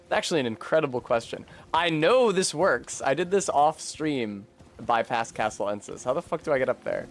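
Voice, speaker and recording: A man with a New England accent streaming a game, joking sarcastically, swearing and sometimes shouting in frustration. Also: mid-range voice, brisk, faint music behind. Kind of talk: casual gameplay commentary.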